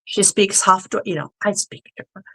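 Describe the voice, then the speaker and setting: A woman's voice: mid-range voice, moderate pace, pushed and bright. A woman guest in casual conversation, chatty and acting out the people she quotes. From United States. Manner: chatty storyteller who acts out quoted people. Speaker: podcast guest.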